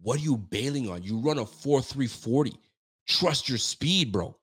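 A man's voice: mid-range voice, expressive, normal speed, a bit bright, slightly rough. Frustrated man ranting after a game. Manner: frustrated, repetitive, slangy. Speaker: sports podcast host. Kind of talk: postgame rant.

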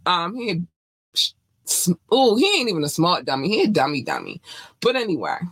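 A woman's voice: fairly low pitch, huge pitch swings, moderate pace, a bit bright, husky, no echo, rough recording. Woman podcast host from North Carolina: blunt, profane, scolding commentary, dry close sound. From North Carolina, USA. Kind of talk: entertainment news podcast commentary.

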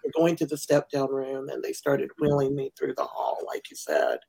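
A woman hosting a podcast interview, talking softly and often slipping into a whisper. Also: a bass voice, sing-song, normal speed, creaky, slightly rough, poor audio. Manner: soft-spoken, often trailing into a whisper. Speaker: podcast host and burn survivor. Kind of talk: casual interview chat.

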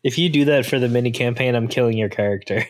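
A man's voice: medium pitch, quick pace. A man in casual podcast chat, sounding exasperated and complaining emphatically.

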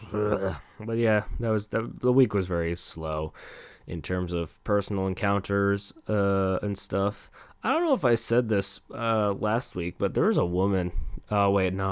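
Host: young man, deep voice, dry close mic, loose and rambling. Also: clean tone, no room sound. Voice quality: rambling, self-deprecating, swears a lot. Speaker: podcast host. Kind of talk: casual solo podcast rambling. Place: home desk. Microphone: close desk mic.

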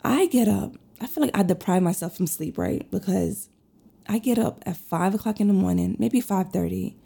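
A woman's voice: mid-range voice, normal speed, gravelly, warm tone, slightly rough. A woman in her thirties, getting over a cold, chatting candidly to her listeners in a rambling way with many fillers. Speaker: podcast host and lash artist. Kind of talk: casual personal chat to listeners.

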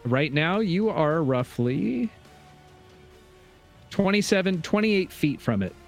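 A man's voice: a little high, expressive, slow, gravelly, soft background music. A man narrating as game master of a tabletop game, easygoing and full of fillers. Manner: easygoing, describes action with many fillers.

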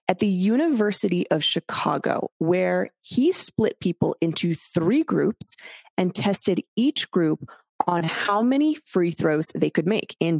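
A woman's voice: on the low side, gravelly, darkish tone, slightly rough, no room sound, studio quality. A woman hosting a solo podcast, talking bluntly and candidly to the listener with casual swearing. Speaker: podcast host.

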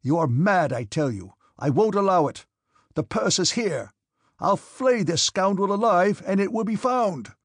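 A man's voice: mid-range voice, big pitch swings, slow pace, a little mellow, breathy edge, no echo, studio quality, full character voice. A man voicing a hot-tempered hussar officer who bellows his words and lisps slightly. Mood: furious. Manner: bellowing, furious.

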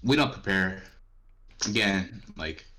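A young man co-hosting a casual chat, jumping in with excitable, teasing remarks. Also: sits low, slow pace, slight background noise.

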